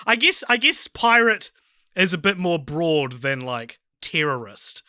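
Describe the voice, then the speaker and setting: A man's voice: fairly high pitch, very animated, bright, forceful tone, smooth, dry recording, clean studio sound. A man co-hosting a podcast in casual chat, playful and wry. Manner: playful, wry, quick asides. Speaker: podcast co-host.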